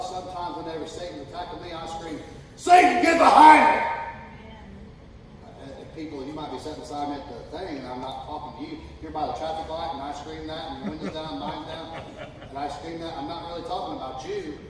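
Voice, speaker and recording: Pastor guy preaching hard, kinda high voice, loud bits, heard from way back in a booming echoey church. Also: steady tone, fast. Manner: impassioned, rising to shouts. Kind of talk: sermon. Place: church sanctuary. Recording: echoey hall from far off with noise.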